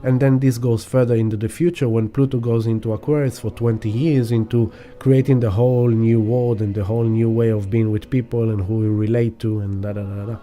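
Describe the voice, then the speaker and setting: A man's voice: mid-range voice, steady tone, brisk, few pauses, dark tone. A man giving a rambling spiritual astrology talk, casually swearing and acting out examples. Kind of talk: spiritual teaching monologue.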